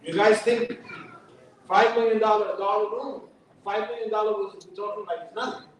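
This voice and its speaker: This high-voiced man speaks at normal speed with fairly even intonation, and there's a little hiss or hum on the track. He's a New York-accented guest speaker at a mosque fundraiser, preaching in a chatty, joking way and quoting Arabic. The hall is echoey and the mic sits far off.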